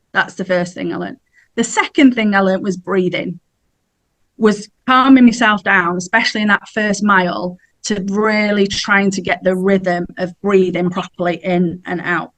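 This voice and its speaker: Woman, middle-aged, chatty, laughs while telling stories, podcast guest. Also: medium pitch. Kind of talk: casual storytelling.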